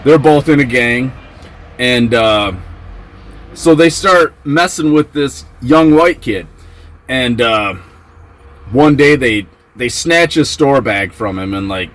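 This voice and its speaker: A man telling a story from his time in prison in a casual vlog, acting out the quotes with excited yelps. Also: mid-range voice, slow, poor audio.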